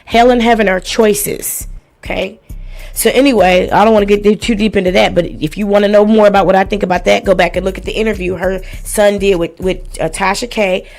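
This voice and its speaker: A woman's voice: medium pitch, steady tone, brisk, creaky, a little mellow, soft background music. A woman hosting a live stream, reading and commenting on a lawsuit in a blunt, profane and sarcastic way.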